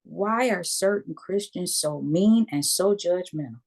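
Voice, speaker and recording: Animated woman in her fifties telling stories. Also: fairly low pitch, unhurried. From United States. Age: 50s. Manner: animated storyteller who acts out voices and keeps checking in with "okay?". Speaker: guest, Reiki practitioner. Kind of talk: storytelling in a conversational interview.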